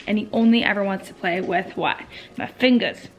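A woman's voice: medium pitch, fairly even intonation, brisk. A woman in her twenties vlogging casually from home, talking playfully to her puppy and her viewers. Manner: playful, talks baby-talk to her puppy. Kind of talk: casual vlog chat.

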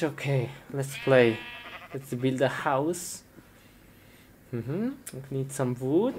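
Excitable low-voiced woman, noisy recording. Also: takes it slowly, long pauses. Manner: excitable, bursts into shouts; simple, slightly broken English. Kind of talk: comedy skit as a gamer. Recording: clear background noise.

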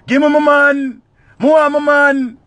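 A man putting on a distraught young woman who wails and pleads for her man in a shrill, loud voice. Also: little pitch movement, takes it slowly, no room sound. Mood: wailing.

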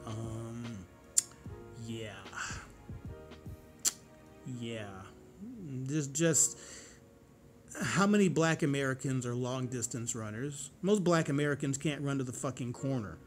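A man's voice: mid-range voice, expressive, slow pace, pauses often, soft background music. A man in his forties vlogging in a casual, rambling monologue, cursing freely and getting heated. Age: 40s.

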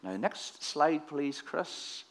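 Speaking extremely slowly in a slightly high, expressive voice, a man gives a church children's address, playfully putting questions to the kids.

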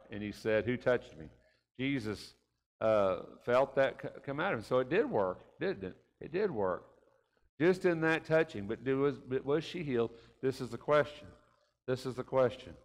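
Folksy man teaching in a reverberant room. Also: mid-range voice. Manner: folksy, keeps asking rhetorical tag questions. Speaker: Bible class teacher. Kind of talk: conversational Bible lesson. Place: church classroom.

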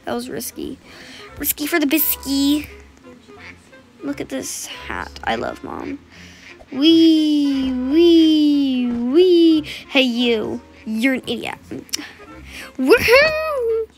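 A woman giving playful, excitable commentary as she plays a game, gasping and squealing often. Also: high-pitched, takes it slowly, faint music behind. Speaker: gamer. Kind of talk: casual gameplay commentary.

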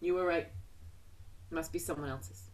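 A woman's voice: deep voice, steady tone, measured pace. A woman voicing a boozy, dramatic woman on the edge, read over a video call. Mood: theatrical. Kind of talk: Zoom play reading.

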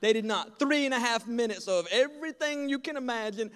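A young man preaching as a pastor, telling a funny story and acting out voices with lively, self-deprecating energy. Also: very high voice, fairly quick, in a large hall. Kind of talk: storytelling sermon. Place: large church hall.

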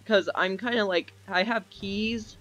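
A man giving excitable live commentary while playing an online game, with a desk microphone. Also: sits high, highs cut off. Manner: excitable, quick reactions and exclamations. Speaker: gamer. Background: faint game music.

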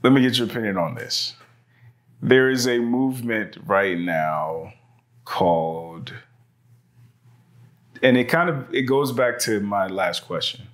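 Low-voiced man hosting a casual talk. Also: animated, slow, pauses often. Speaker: podcast host. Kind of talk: casual conversational interview. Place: indoor studio with white background. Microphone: lapel mic.

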